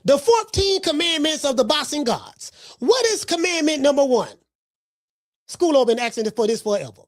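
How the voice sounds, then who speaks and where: A woman's voice: high-pitched, sing-song, normal speed, no echo, clean studio sound. A woman hosting a podcast, delivering brash, profane boxing commentary with lots of repetition. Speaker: podcast host.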